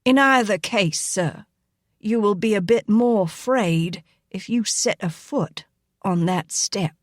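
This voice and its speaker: A proud, imperious old woman in her sixties, as a woman reader puts her on, speaking in a firm, rasping voice that stays oddly pleasant. She sounds haughty and unhurried, and the reading is dry and close to the mic. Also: medium pitch, no echo, close to an everyday voice. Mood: calm. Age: 60s.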